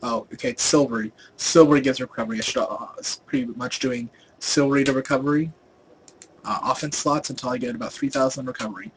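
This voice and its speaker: A young man narrates a game guide in a loose, rambling way, filling gaps with ums and restarting his sentences. His voice sits at an ordinary mid pitch and swings between louder and quieter stretches. Faint game ambience hums underneath. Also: fast talker, slight background noise, low-quality recording. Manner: rambling, many fillers and restarts; volume rises and falls a lot. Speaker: gaming video host. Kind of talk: casual game guide voice-over.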